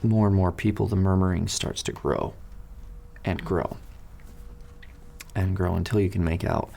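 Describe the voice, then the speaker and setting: A man narrating as dungeon master in a tabletop game, dropping to a hush for secrets. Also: low-pitched, steady tone, a little slow, creaky, slight background noise.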